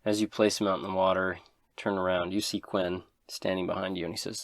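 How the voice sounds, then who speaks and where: Game master narrator: man, deep voice, dry close sound. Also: a little fast, no echo. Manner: steady, descriptive narration.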